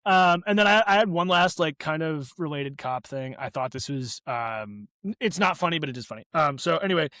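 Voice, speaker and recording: A man's voice: a little high, expressive, brisk, bright, forceful tone, no room sound. A man co-hosting a casual podcast chat, laid-back, with dry sarcastic asides and frequent laughter. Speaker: podcast co-host.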